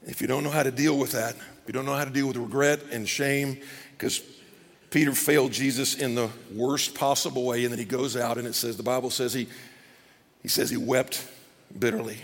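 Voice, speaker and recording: A man preaching a sermon as pastor, animated, acting out scripture scenes. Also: mid-range voice, normal speed, vocal fry. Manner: animated, acts out scripture scenes in character voices. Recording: long reverb of a large hall.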